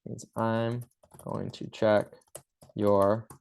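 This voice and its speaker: A man teaching a few Spanish phrases for patient exams, in a loose, chatty way, slowing down to say each phrase carefully. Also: lowish voice, little pitch movement, gravelly, a little mellow, clean tone. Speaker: chiropractor teaching clinic Spanish. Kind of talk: casual instructional talk.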